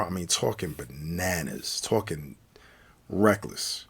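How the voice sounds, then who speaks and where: A low, gravelly American man spinning a casual story in loose slang. His husky voice swings widely in pitch as he tells it with lots of energy. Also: normal speed. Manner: animated, slangy, acts out quoted speech. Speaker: storyteller, channel host.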